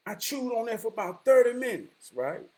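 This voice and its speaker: A middle-aged man telling a story to camera in a casual monologue, swinging between loud declarations and quiet musing. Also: very high voice, very animated, normal speed. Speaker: vlogger.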